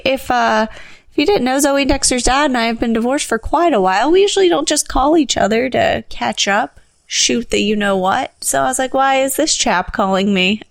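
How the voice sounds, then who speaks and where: A young adult woman co-hosting a podcast, telling a story in casual chat, animated and laughing as she acts out what people said. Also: on the high side, creaky, dry recording. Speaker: podcast co-host.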